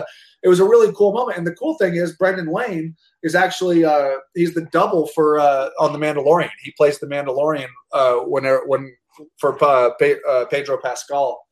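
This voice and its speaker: A man tells his story in loose, casual talk, words tumbling out quickly. He is animated and swears freely, restarting sentences as he goes. The room has a roomy echo to it. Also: fairly high pitch. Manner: animated, profane, full of restarts. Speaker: guest actor.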